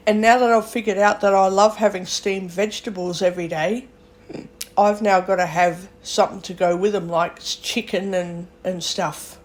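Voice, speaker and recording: A woman's voice: mid-range voice, fairly even intonation, a little slow, pauses often. A young Australian woman vlogging, thinking aloud in a chatty, rambling way with fillers and self-corrections. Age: young adult. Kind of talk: casual rambling monologue.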